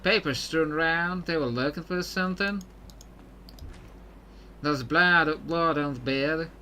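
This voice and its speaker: A man's voice: a little high, takes it slowly, pushed and bright, slight background noise, voice pushed up, exaggerated voice. A man voicing a confident woman pirate captain with a put-on Southern belle accent, reading game dialogue aloud with determination. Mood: determined.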